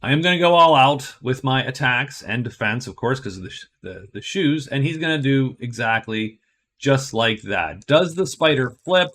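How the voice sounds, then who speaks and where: A man's voice: mid-range voice, expressive, normal speed, a bit bright. A man narrating a solo board game playthrough, thinking aloud and explaining each move step by step.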